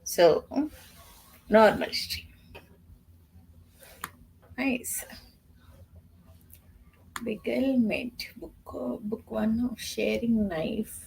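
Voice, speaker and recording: A woman's voice: on the high side, very slow, creaky, long pauses, darkish tone, slight background noise, low-quality recording. A tired woman hosting a reading live stream, chatting casually and often half-whispering.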